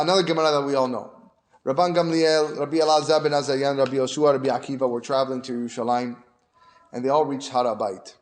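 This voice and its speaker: A male rabbi giving a Torah lesson, telling a story and building to animated emphasis. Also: mid-range voice.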